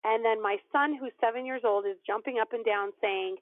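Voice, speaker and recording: A woman guest telling a personal story in an animated way, acting out the voices of the people in it. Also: fairly high pitch, fairly quick, no room sound. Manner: animated storyteller, acts out quoted dialogue. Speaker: podcast guest. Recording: tinny phone-line audio, dry.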